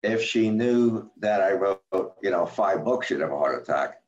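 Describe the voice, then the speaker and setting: Older man, gravelly voice, halting candid talk, roomy dull recording. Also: on the low side. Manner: halting, repeats words, retells quotes in a lively voice. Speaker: guest, author and former medical center president.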